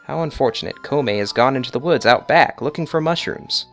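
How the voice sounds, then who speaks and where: A man's voice: medium pitch, lively intonation, brisk, fairly bright tone, faint music behind. A man voicing an old potion-selling hag woman in an old-time 1950s announcer manner. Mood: cheery.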